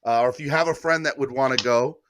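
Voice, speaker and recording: Sports show host guy, keeps pushing donations, bright voice, dry mic. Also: fast, no echo. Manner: laughs often, pitches donations repeatedly. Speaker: podcast host. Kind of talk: casual sports talk show. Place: Baltimore area.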